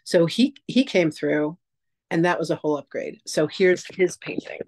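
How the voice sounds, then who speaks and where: Lady teaching a class, chatty and animated, acts out little quotes. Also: fairly low pitch, normal speed, poor audio. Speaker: psychic teacher. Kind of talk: casual masterclass talk.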